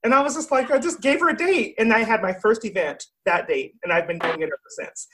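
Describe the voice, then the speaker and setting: A woman's voice: fairly high pitch, brisk, background noise. A woman who is a guest in a casual interview, speaking with enthusiasm about her own experience. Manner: enthusiastic, tells personal stories. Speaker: guest, event organizer.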